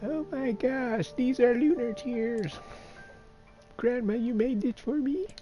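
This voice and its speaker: Guy doing a sad teen girl voice, way up high, slow and pleading, storybook read. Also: mellow, dull audio, soft background music. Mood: amazed. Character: grieving teenage girl, self-loathing and tearful.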